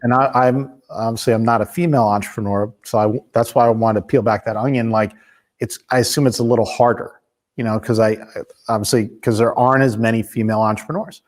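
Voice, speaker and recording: A man in his fifties hosts a podcast interview, chatting casually and restarting sentences as he thinks out loud. His voice is medium-pitched with fairly even intonation, and he talks quickly.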